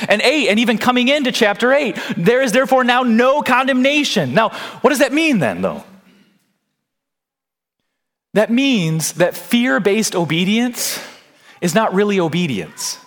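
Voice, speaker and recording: A man's voice: very high-pitched, big pitch swings, moderate pace, fairly bright tone. A man preaching a sermon as a pastor, earnest, putting questions to his congregation.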